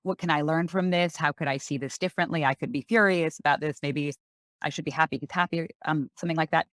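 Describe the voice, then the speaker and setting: A woman's voice: deep voice, steady tone, quick pace, no room sound, studio quality. A woman psychiatrist guest explaining ideas in a thoughtful, conversational way, with frequent fillers. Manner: thoughtful, with many fillers such as "sort of" and "like".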